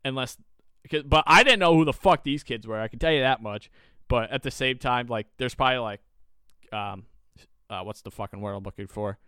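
A young man tells a story on his podcast in a loose, profane, animated ramble. His voice comes through smooth and resonant on a dry, close microphone. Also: medium pitch, brisk, dry recording. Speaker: podcast co-host. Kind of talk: casual chat, storytelling.

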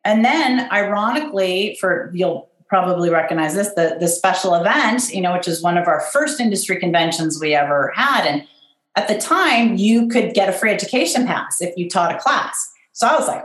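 A middle-aged woman, a guest who runs an event business, telling her story in a candid, self-deprecating and animated way. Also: on the low side, normal speed. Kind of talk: personal storytelling in conversation. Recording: roomy echo.

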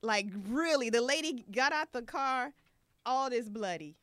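A woman co-hosting a podcast in casual chat, her voice fairly high and swinging up and down. She swears freely and laughs easily, and the sound is dry and close. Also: animated, a bit bright, dry recording. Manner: chatty, swearing, quick to laugh. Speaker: podcast co-host.

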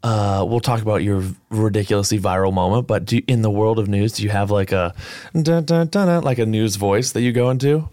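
A man's voice: fairly low pitch, dark tone, no echo, studio quality. A man hosting a podcast, interviewing a guest in a playful, jokey way. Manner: playful, jokey, quick follow-ups. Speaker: podcast host.

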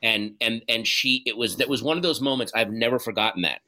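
Bright-voiced man talking earnestly. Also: mid-range voice. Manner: earnest, halting, profane, animated retelling. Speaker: guest. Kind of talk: candid conversational interview.

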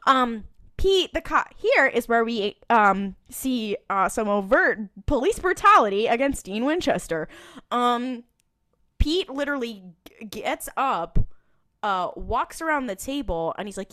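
A woman's voice: fairly high pitch, measured pace, no echo, studio quality. A woman co-hosting a podcast, recapping a TV episode in casual chat, quoting lines and laughing often. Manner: animated, laughing, quoting characters in lively bursts. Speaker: podcast co-host.

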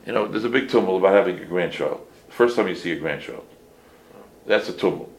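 Man, 60s, rabbi teaching a class, gravelly voice, lively pitch, restarts and Yiddish phrases. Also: a little fast, poor audio. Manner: animated storytelling with many restarts and Yiddish phrases. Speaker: rabbi giving a halacha class. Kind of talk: casual halachic shiur with stories.

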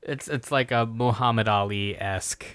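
A man's voice: medium pitch, a little slow, fairly bright tone, no echo, studio quality. A man co-hosting a podcast, easygoing in casual comedic chat and laughing often. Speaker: podcast co-host.

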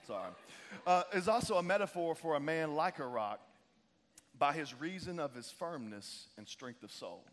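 High-voiced preacher in an echoing hall. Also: male voice, animated, moderate pace, a bit bright. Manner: casual, joking, calls on the crowd. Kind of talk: lively sermon with call-and-response. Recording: long reverb of a large hall.

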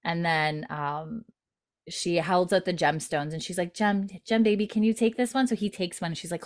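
A woman's voice: on the low side, steady tone, normal speed. A woman recapping a TV episode in casual chat, quoting characters in lightly put-on voices and giggling often. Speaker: recap host.

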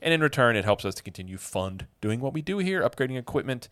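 A man in his thirties co-hosting a podcast in a studio, talking in a relaxed, rambling way with lots of fillers. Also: medium pitch, quick pace, clean tone, no echo. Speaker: podcast co-host. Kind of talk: casual chat. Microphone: studio microphone.

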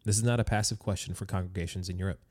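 A man's voice: deep voice, steady tone, racing, darkish tone, dry recording, studio quality. A man hosting a podcast interview in a friendly, easygoing way, from the United States. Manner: friendly, easygoing, with fillers and restarts. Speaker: podcast host.

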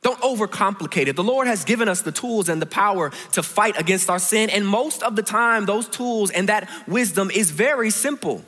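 A man preaching a sermon in a large church, his voice high and bright. He tells his story by dropping to a hush and then rising to emphatic points. A long reverb from the hall trails after his words. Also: animated, moderate pace, few pauses. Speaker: pastor.

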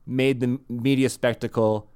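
A man's voice: mid-range voice, little pitch movement, moderate pace, darkish tone, smooth, dry recording, clean studio sound. A young man for whom English is not his first language, casually chatting and mocking politicians with wry paraphrases. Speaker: podcast co-host. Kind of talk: casual chat.

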